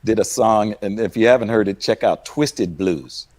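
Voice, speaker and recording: A man speaking enthusiastically and in a measured way as a guest musician in a casual panel chat, talking over a video call from home. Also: on the low side, a little mellow.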